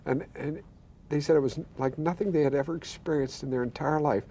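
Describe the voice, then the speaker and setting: A man's voice: on the high side, fairly even intonation, a little fast, warm tone, a little hiss or hum. An older man, a pastor, telling his own healing story earnestly, acting out the voices he quotes and stammering now and then. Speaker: pastor and guest. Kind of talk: telling a personal testimony.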